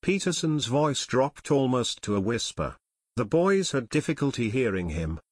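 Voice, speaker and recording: A man narrating an adventure audiobook in a measured, even storytelling voice on a close mic. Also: medium pitch, husky, no echo.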